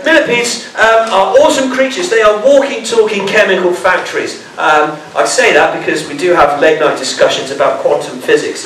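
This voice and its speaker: A man's voice: on the high side, a bit bright, a little hiss or hum. A man presenting a live bug show to an audience, joking and playful like a showman. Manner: jokey, playful showman banter. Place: school hall with audience. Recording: echoey hall, mic far off.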